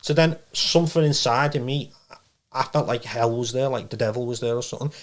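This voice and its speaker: A man's voice: mid-range voice, fairly quick. A man, a podcast guest telling a story in a casual, rambling way, with restarts and swearing.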